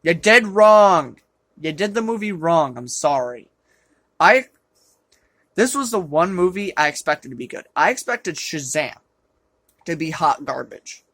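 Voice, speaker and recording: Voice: mid-range voice, animated, unhurried, long pauses, no room sound. Exasperated, sarcastic movie reviewer. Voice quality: self-described rough voice. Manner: exasperated and sarcastic, with loud outbursts. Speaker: film reviewer. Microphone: low-quality camera.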